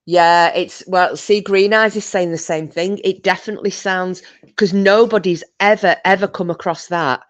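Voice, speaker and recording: A British woman chats casually while hosting a livestream, her fairly low voice steady in tone and normal in speed. She reads comments and tells a rambling story that keeps starting over.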